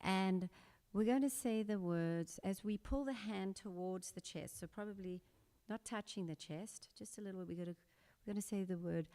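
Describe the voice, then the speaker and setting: A woman gently guiding a breathwork meditation in a church sanctuary, speaking in a soft, calm, instructive way. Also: lowish voice, moderate pace. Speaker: meditation leader. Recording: long reverb of a large hall.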